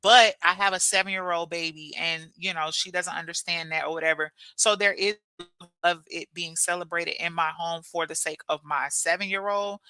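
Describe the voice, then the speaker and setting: Bright, animated woman livestreamer. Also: fairly low pitch, moderate pace, smooth, no echo. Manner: animated and preachy, repeats "I'm telling you". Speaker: livestream host reading chat. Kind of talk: casual motivational livestream talk.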